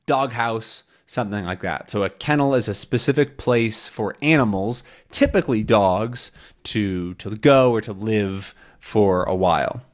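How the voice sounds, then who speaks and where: A man's voice: fairly low pitch, measured pace. A man reading a comic aloud for English learners, explaining words and acting out the characters' lines. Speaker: English teacher.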